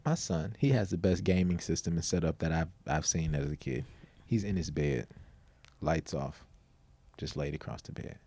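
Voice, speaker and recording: A middle-aged man telling a story on a parenting podcast in an emphatic, animated casual way. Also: rumbling low, moderate pace.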